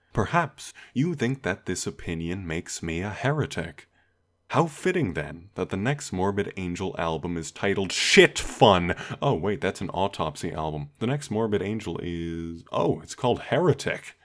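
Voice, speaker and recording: A man hosting a comedic video, narrating a script in a deadpan, dry, sarcastic way. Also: deep voice, unhurried. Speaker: video essay host.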